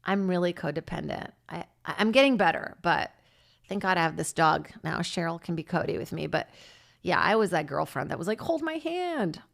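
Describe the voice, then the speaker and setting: A woman's voice: a little fast, gravelly. A woman in her thirties hosting her own podcast, telling rambling self-deprecating stories in a casual comedy monologue. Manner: rambling, self-deprecating, breaks into laughter, lively jumps in pitch. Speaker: podcast host and stand-up comic.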